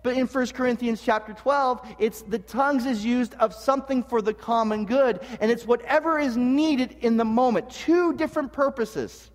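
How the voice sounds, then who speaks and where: A man with a high voice preaches a sermon, earnest and animated, stumbling into restarts and dropping in jokes. His voice rings out with a long reverb from a church sanctuary. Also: moderate pace, few pauses. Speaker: pastor. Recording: long reverb of a large hall.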